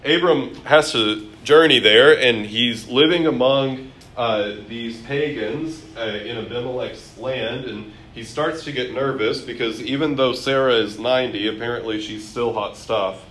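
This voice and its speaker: Brief: male Bible study teacher, casual and amused, mid pitch, faint room noise. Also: a little slow, fairly bright tone. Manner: chatty, amused, many fillers.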